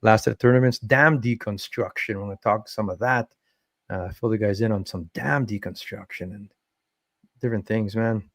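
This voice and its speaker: Gravelly laid-back podcast host guy. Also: fairly low pitch, steady tone, normal speed, dry recording. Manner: laid-back, rambling, lots of "man". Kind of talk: casual chat. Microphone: desk podcast mic.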